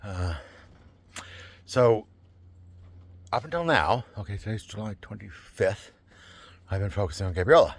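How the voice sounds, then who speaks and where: Deep-voiced, husky man rambling. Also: unhurried, long pauses, no room sound. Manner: rambling, excitable, lots of fillers and restarts. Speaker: vlogger running a campaign. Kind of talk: casual rambling monologue.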